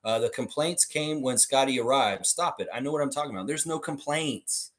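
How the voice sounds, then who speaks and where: He's a livestream host with a mid-range voice who talks a little fast. In a casual stream, he swears and argues bluntly with his chat.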